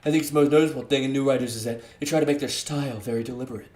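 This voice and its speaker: Casting: timid bookish teen girl, a man doing her, low and hushed, roomy sound. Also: steady tone, rapid-fire, close to an everyday voice. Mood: earnest.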